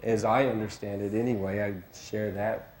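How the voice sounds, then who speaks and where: A man with a fairly low voice gives a reflective, earnest account and leans hard on the points he wants to land. The room around him is echoey. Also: level tone, moderate pace, darkish tone, a little hiss or hum. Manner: earnest, emphatic, careful to be understood. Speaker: devotee sharing a memory. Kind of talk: reflective personal testimony.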